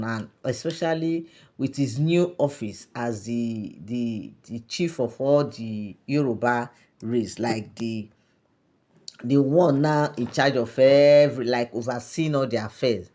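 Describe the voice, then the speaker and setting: A woman with a low voice and a Nigerian accent tells gossip casually. She talks in a chatty, rambling way, repeats words and hesitates often. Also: darkish tone. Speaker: celebrity gossip vlogger.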